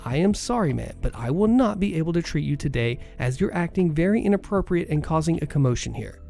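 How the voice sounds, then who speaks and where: A man reading a story aloud, voicing a calm but firm woman nurse. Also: a little high, brisk, gravelly, faint music behind.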